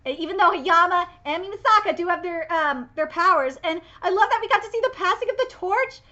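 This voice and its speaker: A young woman streamer with a very high, sharp, bright voice pours out effusive live reaction commentary, loud and free with swearing. The sound is dull and lo-fi. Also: lively intonation, brisk.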